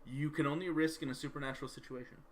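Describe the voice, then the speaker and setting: A man acting as game master, narrating scenes and ruling on dice in a relaxed, searching way. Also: fairly high pitch, rapid-fire, slight background noise.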